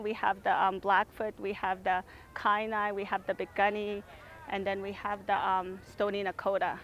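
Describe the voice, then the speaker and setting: A woman's voice: mid-range voice, fairly bright tone, slight background noise. A woman in her forties from the Siksika Nation, a supervisor, plainly explaining tribal traditions in an interview. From Siksika Nation, Alberta.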